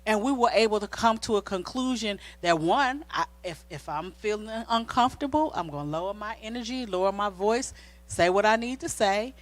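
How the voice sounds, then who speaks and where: Talking fairly quickly with hardly any pauses, a middle-aged woman with a mid-range voice co-hosts a marriage talk in a church sanctuary. She shares a personal story in a relaxed, sermon-like way and animatedly acts out the quoted lines.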